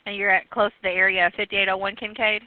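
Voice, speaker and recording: A woman emergency dispatcher on a phone call, giving short, flat, commanding instructions. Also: mid-range voice, quick pace, no room sound. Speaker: 911 dispatcher. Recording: tinny phone line recording.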